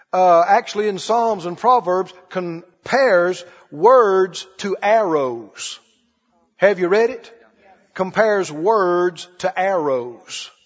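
A pastor with a high-pitched, slightly bright voice and a breathy edge preaches conversationally, asking the congregation questions and acting out little scenes. The audio is dull and lo-fi with a long hall reverb.

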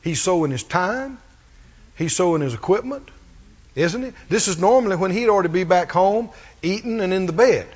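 Very high-voiced man preaching in a hall. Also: lively intonation, normal speed. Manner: emphatic call-and-response preaching. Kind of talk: sermon. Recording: muffled recording in a reverberant hall.

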